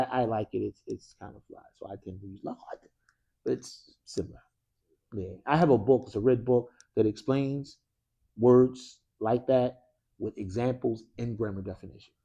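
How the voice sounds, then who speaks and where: A man's voice: medium pitch, warm tone, muffled recording. A man teaching an Arabic grammar class in a mosque classroom. He speaks with energy, keeps quizzing his students with "what?" prompts and drops casual slang.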